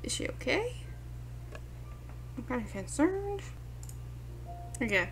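A young woman giving let's play commentary as host, excitable and yelping at the game. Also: a little high, unhurried, faint music behind. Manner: excitable, yelps and shouts at the game. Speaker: gaming video host.

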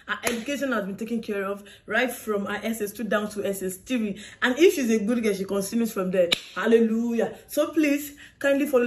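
A woman's voice: on the high side, background noise. A Nigerian woman vlogger speaking casually to her viewers, upbeat and preachy as she thanks God and asks them to follow and share. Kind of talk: casual address to camera.

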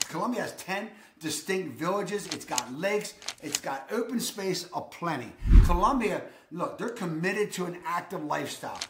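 A man's voice: fairly high pitch, reverberant, background noise. A man hosting a real estate vlog, enthusiastic and emphatic, leaning on the same catchphrases again and again. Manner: enthusiastic, emphatic, repeats "I'm telling you". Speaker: real estate video host.

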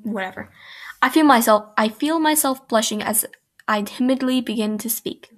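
A young woman reading a fan fiction aloud in first person, halting and restarting mid-sentence, and breaking off for chatty asides. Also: fairly high pitch. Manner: breaks off for chatty, giggly comments.

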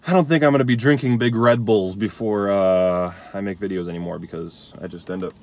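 A man's voice: fairly low pitch, steady tone, a little fast, a little mellow. A man hosting his own video, rambling through his thoughts in casual commentary, with plenty of fillers and small laughs. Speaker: video essay host. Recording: outdoor traffic noise. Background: passing cars.

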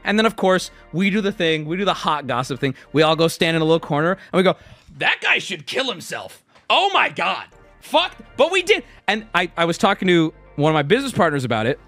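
There's no room sound around this man in his thirties, whose fairly high voice carries a laid-back, swear-heavy story. He's animated, curses often, and performs the things people said.

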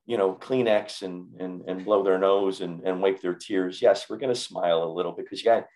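A man hosting an interview podcast speaks in a fairly low voice. He sounds choked up as he thanks his guest. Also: fairly even intonation, moderate pace, a little mellow, poor audio. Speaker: podcast host.

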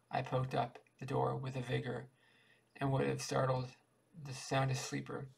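A man reading a classic short story aloud in a steady, unhurried way. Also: mid-range voice, gravelly, husky, distant mic, poor audio. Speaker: audiobook reader.

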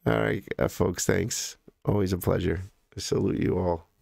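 An American man hosting a live stream, chatting casually and in a halting, rambling way as he greets viewers by name. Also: low voice, steady tone, gravelly, darkish tone.

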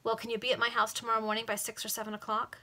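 A woman voicing a polite, earnest young gentleman. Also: on the high side, monotone, racing.

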